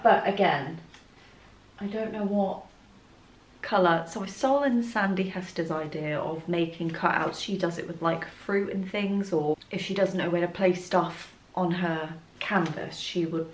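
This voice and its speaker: A woman's voice: mid-range voice, a little hiss or hum. Chatty woman in echoey studio. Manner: chatty, thinking aloud, self-deprecating. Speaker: art vlogger. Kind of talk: casual studio vlog. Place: art studio, indoors.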